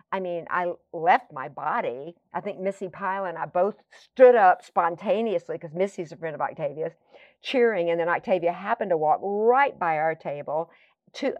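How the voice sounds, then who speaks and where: A woman appearing as a guest rambles through lengthy stories in a relaxed chat, wandering off on tangents and using many filler words. Her voice is fairly low, and the dry recording lacks the upper frequencies.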